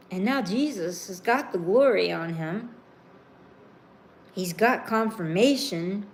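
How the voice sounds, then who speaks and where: Slow-spoken woman preaching. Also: medium pitch. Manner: slow, emphatic, informal asides between scripture. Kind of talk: sermon with scripture reading and commentary.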